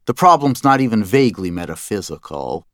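A man's voice: lowish voice, very animated, brisk, no room sound, clean studio sound. A man narrating a first-person story in a scripted, wry and dryly humorous way.

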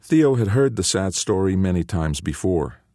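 A deep-voiced male audiobook narrator delivers scripted narration as expressive storytelling at a normal speed. The studio sound is clean, with no room sound.

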